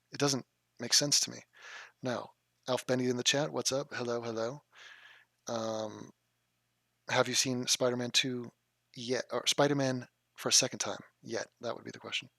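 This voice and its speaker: Gravelly, profane streamer guy. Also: mid-range voice, fairly bright tone, no room sound, clean studio sound. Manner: crude, mocking, swears freely. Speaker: livestreamer reading chat. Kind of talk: casual profane live-stream chat.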